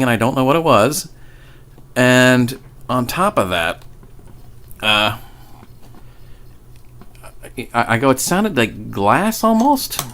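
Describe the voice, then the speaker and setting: A man's voice: medium pitch, fairly bright tone. A young man telling a ghost story in casual, rambling fashion, swearing often and stumbling over restarts. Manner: rambling, profane, stammering restarts. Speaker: paranormal vlogger.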